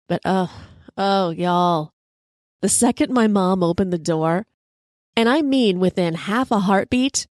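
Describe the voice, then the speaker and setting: A woman hosting a podcast, telling a personal story in a lively, conversational way. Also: mid-range voice, dry recording. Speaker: podcast host. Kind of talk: storytelling monologue.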